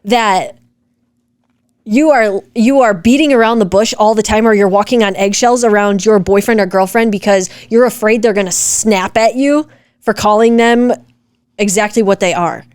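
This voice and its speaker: A woman's voice: medium pitch, normal speed, darkish tone, dry recording. Woman ranting about comments, blunt and fired up, swears a lot, dry sound. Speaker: podcast co-host. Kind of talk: casual chat reacting to comments.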